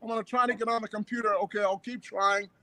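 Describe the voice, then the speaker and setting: An older man ranting and joking loudly with friends, talking over a telephone. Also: sits high, level tone, quick pace, dry recording. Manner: ranting, boisterous, laughing often. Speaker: comedian guest, weekly regular. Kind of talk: loud joking banter. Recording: dull lo-fi phone line audio.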